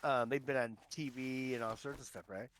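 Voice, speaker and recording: A man's voice: mid-range voice, steady tone, moderate pace, a bit bright, slight background noise. A man chatting casually while gaming, rambling and teasing his friend with lots of filler words over voice chat. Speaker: streamer. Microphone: online voice chat.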